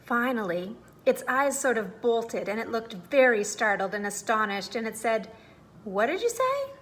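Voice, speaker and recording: A woman reading a children's bedtime story aloud in an expressive, animated way. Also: a little high, normal speed.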